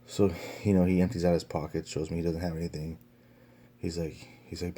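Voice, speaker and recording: A man's voice: sits low, little pitch movement, fairly quick, dark tone, a little hiss or hum. A young man telling a story to his vlog camera in a casual, profane way, with lots of fillers and restarts. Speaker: vlogger.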